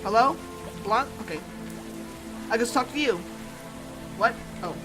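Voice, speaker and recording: A young woman giving let's-play commentary, chatty and giggly with self-mocking asides. Her voice sits fairly high and swings a lot in pitch as she talks. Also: lively intonation, a little slow, over music. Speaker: gamer.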